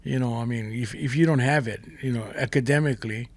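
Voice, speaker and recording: An older man from Hawaii, a guest chef telling stories in a lively, casual way with pidgin turns. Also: medium pitch, fast talker. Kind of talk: casual storytelling.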